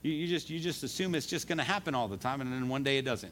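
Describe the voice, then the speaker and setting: A man's voice: mid-range voice, lively intonation, quick pace, a bit bright, a little hiss or hum. A man preaching a sermon in a conversational way, repeating words as he talks and reading scripture aloud. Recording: live service recording.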